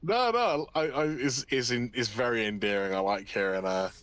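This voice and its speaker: A man's voice: mid-range voice, moderate pace, crowd noise. A man chatting casually as a guest on a stream, reacting with lots of exclamations. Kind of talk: casual chat.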